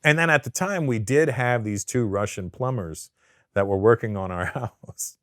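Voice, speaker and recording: A man being interviewed, talking casually. He swears a lot, stammers through restarts and tells stories with lively put-on voices. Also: medium pitch, normal speed, no room sound, clean studio sound. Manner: profane, stammering restarts, animated storytelling with put-on accents. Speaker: comedian guest.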